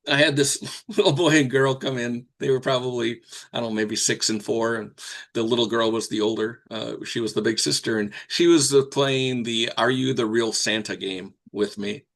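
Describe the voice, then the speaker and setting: A man's voice: medium pitch, fairly even intonation, moderate pace, a bit bright. An older man, a professional Santa performer, telling stories in a folksy, rambling way. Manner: folksy, rambling with fillers and restarts. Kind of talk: anecdotal storytelling.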